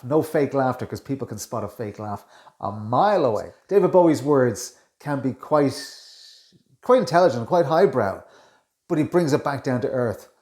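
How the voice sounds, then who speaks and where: A man working as a communication coach reacts to clips in a casual, chatty way, often adding quick asides. His voice sits at a mid pitch. It rings a bit in a roomy, echoey space. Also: a little mellow. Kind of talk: reaction video commentary. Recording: echoey room.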